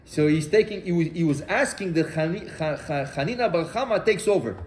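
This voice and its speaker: Rabbi w telling a gemara story, slightly high voice, echoey room w faint background noise. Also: male voice, brisk. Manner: animated storyteller acting out dialogue, many restarts. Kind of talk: Torah class storytelling.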